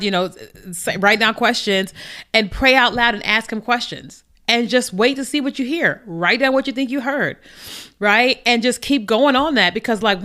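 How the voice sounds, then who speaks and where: A woman's voice: mid-range voice, fairly bright tone. A woman hosting a faith podcast, talking casually to viewers and acting out little back-and-forth dialogues. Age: adult. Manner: conversational, repeats "you know what I mean", acts out little dialogues. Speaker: podcast host. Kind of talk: casual faith talk to camera.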